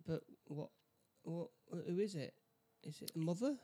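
Slow-talking, high-voiced man. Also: mellow. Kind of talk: casual chat.

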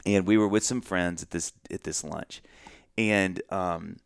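Man in his forties, lowish voice, dry close sound, lively self-mocking storyteller. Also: measured pace, vocal fry, clean tone, dry recording. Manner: animated storyteller, self-mocking, many restarts and asides. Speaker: guest. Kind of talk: casual storytelling chat.

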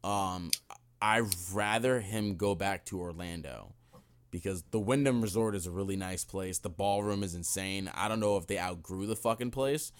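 A man's voice: sits low, normal speed, clear, resonant tone. A young man hosting a podcast, chatting casually in a laid-back, slangy way with some swearing. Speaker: podcast co-host.

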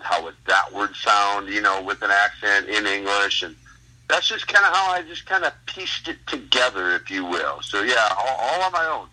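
Older male guest, 60s, husky and bright-voiced; loose, meandering anecdotes full of restarts. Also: on the low side, rough recording. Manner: rambling, many fillers and restarts, chuckles. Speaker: guest, former pro wrestler. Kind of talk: casual storytelling interview.

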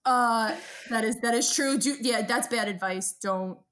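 A woman with a New York accent co-hosting a casual podcast. She tells animated, profane stories about her neighborhood in a chatty, conversational way. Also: on the high side, measured pace. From Brooklyn, New York. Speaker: podcast co-host. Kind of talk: casual chat.

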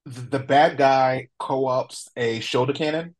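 A man's voice: medium pitch, takes it slowly. A man chatting casually as a podcast guest, laid-back, laughing often and using fillers. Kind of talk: casual chat.

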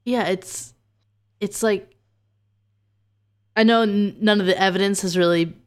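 A woman's voice: medium pitch, steady tone, measured pace. A woman co-hosting a true crime podcast, talking casually and hesitantly, often restarting and trailing off. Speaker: podcast co-host.

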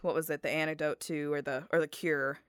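A woman guest on a podcast, chatting casually and telling stories with animated, acted-out quotes. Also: deep voice, a little fast, smooth, dry recording, clean studio sound. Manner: animated storyteller, acts out quotes. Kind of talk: casual chat.

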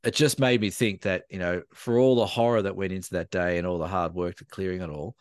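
A man with an Australian accent, a podcast co-host telling a lively, animated story in casual chat. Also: low voice, fast talker, dry recording, clean studio sound.

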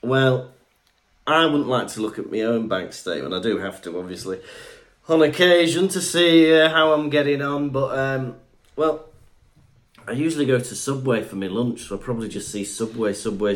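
A man's voice: medium pitch, expressive, moderate pace. A jokey man co-hosting a podcast, his voice rising and falling a lot as he banters. He laughs often and chats casually. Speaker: podcast co-host.

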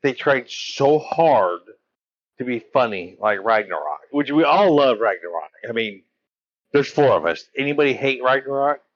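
A man's voice: mid-range voice, expressive, normal speed, dull audio. A man co-hosting a podcast in casual chat, blunt and emphatic, swearing a lot. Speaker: podcast co-host.

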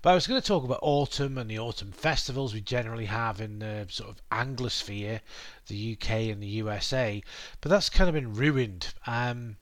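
A man's voice: mid-range voice, moderate pace, dry recording. A British man hosting a podcast from his living room, rambling casually with fillers and asides while explaining English words. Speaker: podcast host. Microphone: computer mic at a desk.

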